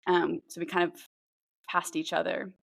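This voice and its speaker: A woman's voice: fairly low pitch, little pitch movement, moderate pace, creaky, dry recording. A woman in her twenties, co-hosting a podcast with her mother and chatting casually with many "like"s and "um"s. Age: 20s. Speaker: podcast co-host. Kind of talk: casual chat.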